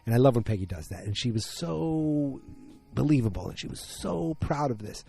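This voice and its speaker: A man's voice: medium pitch, expressive, moderate pace, gravelly, warm tone, slightly rough, soft background music. A man from Massachusetts giving a rambling, casual recap of a TV episode, acting out characters' lines in little voices.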